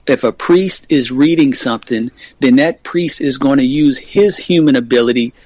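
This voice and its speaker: A man's voice: medium pitch, normal speed, a little mellow, dry recording. A man co-hosting a talk show, arguing combatively in a heated debate and demanding to finish his point. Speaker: co-host.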